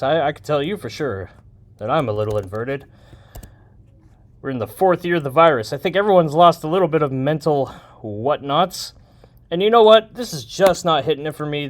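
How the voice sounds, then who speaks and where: Rambling man making a beat. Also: on the high side. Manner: rambling, joking, thinking aloud. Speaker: music producer. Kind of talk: casual talk while making a beat.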